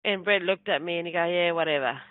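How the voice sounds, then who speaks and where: A woman's voice: lowish voice, fast talker, no echo. Woman, middle-aged, chatty rambling storyteller, interview guest, phone-like thin audio. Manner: chatty, rambling, animated storyteller acting out quotes. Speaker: guest, spiritual medium. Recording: tinny phone-like line, dry.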